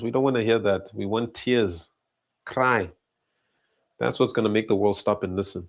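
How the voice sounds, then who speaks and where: A man delivers reaction commentary with a fairly low, steady voice. He sounds indignant and pushes his points hard. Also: a little slow. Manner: indignant, emphatic.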